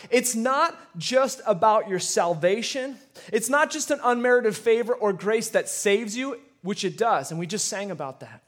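High-voiced man preaching a sermon. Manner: storytelling with repeated words and rising emphasis. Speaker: pastor.

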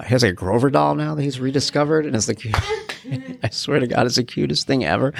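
A man's voice: mid-range voice, creaky. A middle-aged man hosting a podcast, talking in a casual, rambling, affectionate way and often breaking off mid-sentence. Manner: rambling, fond and self-interrupting. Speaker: podcast host. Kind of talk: casual solo podcast talk.

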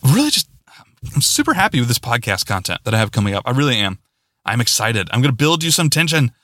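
Excitable male podcast host, lively pitch, dry close-mic sound, rambling and self-deprecating. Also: fast, dry recording. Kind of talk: casual solo podcast sign-off.

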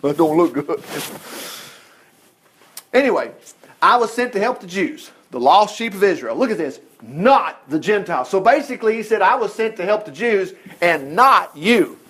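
Brief: male preacher, folksy and animated, high voice that swings widely. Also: normal speed, breathy edge. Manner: folksy, animated, laughs often, acts out quotes. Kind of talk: sermon.

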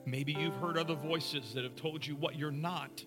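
A man preaching a sermon as pastor, earnest, moving between brisk talk and slow, soft passages. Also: on the high side, steady tone, over music.

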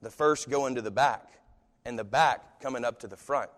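A man's voice: mid-range voice, normal speed, a bit bright. Preaching man in a reverberant hall. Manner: conversational, acts out quoted voices. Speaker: pastor. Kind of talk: sermon.

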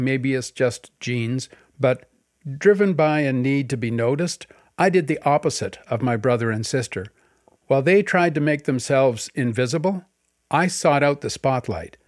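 A man's voice: mid-range voice, no room sound, studio quality. An older man from Canada reading his own memoir aloud in a wry, dryly humorous storytelling manner. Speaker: memoir narrator. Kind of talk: audiobook memoir narration.

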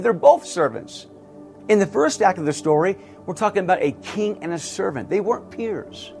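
High-voiced man preaching a sermon. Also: vocal fry, darkish tone. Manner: earnest preaching with emphatic repetition. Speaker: pastor.

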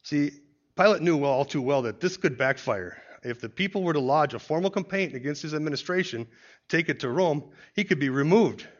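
A man's voice: a little high, lively intonation, brisk. A man giving an expository Bible teaching who explains points step by step and often starts a point with "see". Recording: dull lo-fi recording.

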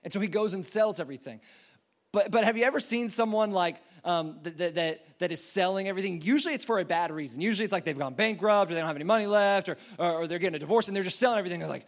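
A man's voice: sits high, lively intonation, very fast. A man preaching a sermon in a casual, rambling storytelling way, full of fillers and restarts. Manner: acts out quoted voices in a story.

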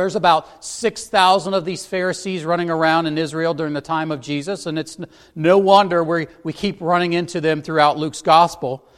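A man preaching an expository sermon as a pastor, teaching earnestly verse by verse. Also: high voice.

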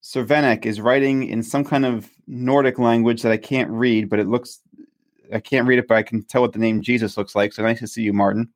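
A man hosting a live stream, praying for viewers and reading their messages in an earnest, steady way. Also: mid-range voice, brisk.

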